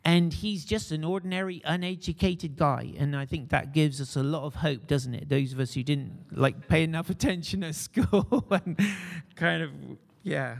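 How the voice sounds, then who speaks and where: A man's voice: fairly high pitch, normal speed, creaky, in a large hall. A man preaching a sermon in a conversational way, putting questions to his congregation.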